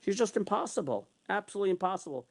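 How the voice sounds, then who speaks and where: A man vents in a heated vlog rant. His voice sits somewhat high, and he keeps circling back over the same points, swearing as he acts out both sides of old arguments. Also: big pitch swings, rapid-fire, creaky. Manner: long retellings of arguments in quotes. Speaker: vlogger. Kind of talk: angry ranting monologue.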